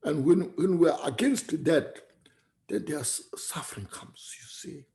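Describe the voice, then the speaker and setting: A man giving a Dharma talk as a Buddhist teacher, reflective and unhurried, often tagging his points with "you see" and "you know.". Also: a little high, very animated, warm tone.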